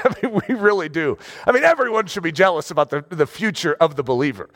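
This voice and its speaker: Male pastor, sermon; high voice that swings widely, casual and animated, keeps asking "okay?". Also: quick pace. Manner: animated, conversational, checks in with "okay?".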